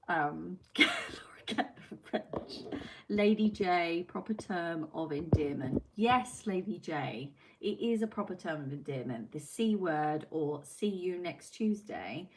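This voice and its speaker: A woman chatting on her livestream, voice sitting a little low, with a faint hiss of noise behind her. She answers viewer comments in a loose, chatty way and drops the odd swear word. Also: low-quality recording. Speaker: livestream host. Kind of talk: casual live-stream chat.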